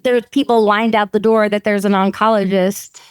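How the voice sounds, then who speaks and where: Middle-aged woman, lively storyteller with a smooth voice in a dry room. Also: mid-range voice, normal speed, no room sound. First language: French. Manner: animated storytelling, laughs often, acts out quoted dialogue. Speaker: veterinary oncologist guest. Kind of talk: casual podcast interview.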